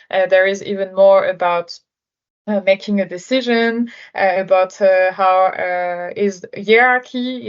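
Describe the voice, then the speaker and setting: A woman's voice: medium pitch, lo-fi sound. A woman from France, a guest on a podcast, talking through her work experience in a thoughtful way with frequent hesitations. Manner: thoughtful, many hesitations and fillers. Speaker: podcast guest, sales executive. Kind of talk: conversational interview.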